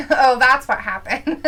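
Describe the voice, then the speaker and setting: A woman's voice: high voice, animated, slow, sharp tone, poor audio. A woman co-hosting a casual live stream, giggling often and reading out chat messages. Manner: giggly, reads chat aloud.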